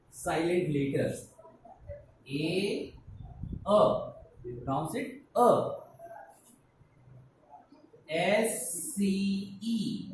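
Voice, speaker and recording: A man with an Indian English accent teaches a class, breaking words into syllables and spelling each letter out one at a time. His voice sits a bit high and moves at an unhurried, deliberate pace. He sounds far from the mic in a very echoey room with a faint hiss behind him. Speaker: school teacher.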